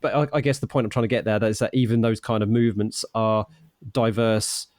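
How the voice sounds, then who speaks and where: Enthusiastic British podcast host, dry sound. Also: male voice, lowish voice, a little fast, dry recording. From United Kingdom. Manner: enthusiastic, animated, many restarts. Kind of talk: casual podcast interview.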